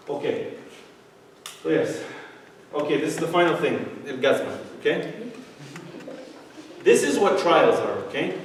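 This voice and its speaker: A man's voice: a little high, expressive, brisk, pauses often. A young man giving a youth sermon, telling a story and then preaching with rising emphasis. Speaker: youth speaker. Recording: echoey hall, heard from far off.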